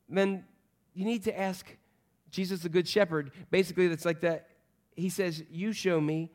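A man in his fifties preaching a sermon as pastor, conversational and animated, acting out quoted voices. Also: high-pitched, normal speed.

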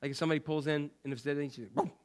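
A man preaching a sermon as pastor, swinging from loud, emphatic lines to quiet, low asides. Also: steady tone, racing, clean tone.

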